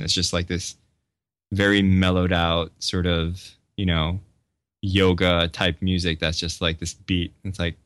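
A man's voice: sits low, fairly bright tone, no room sound. A man talking casually on a podcast, telling stories with lots of fillers and laughter.

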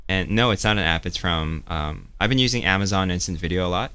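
Deep, bright-toned man chatting casually. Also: smooth. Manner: chatty, laughs often, drawn-out demonstrations. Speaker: podcast co-host. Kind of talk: casual chat.

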